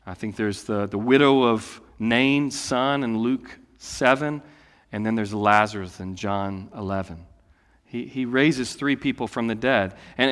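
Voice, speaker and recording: A man in his late thirties, a pastor preaching a sermon in a conversational way that swings between loud declarations and hushed asides. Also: medium pitch. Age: late 30s. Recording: long hall reverb.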